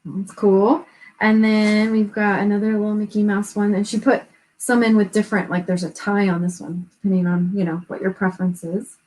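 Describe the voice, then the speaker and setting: A woman co-hosting a live stream, chatting casually and gushing with excitement as she unboxes gifts, laughing often. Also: mid-range voice, normal speed, low-quality recording.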